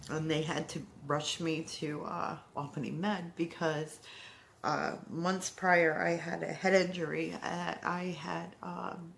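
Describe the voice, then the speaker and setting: Low-voiced emotional woman in her forties. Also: gravelly, slight background noise. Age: 40s. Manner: halting, emotional, many fillers and restarts. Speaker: heart attack survivor telling her story. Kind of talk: personal storytelling to camera.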